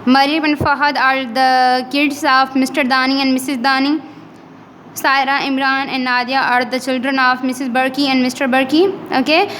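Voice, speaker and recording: A woman English teacher with a Pakistani accent, giving an online class lecture and drilling words slowly and patiently. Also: sits high, a bit bright, big-room sound, slight background noise. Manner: slow, repeats each word in careful drills, patient and instructive.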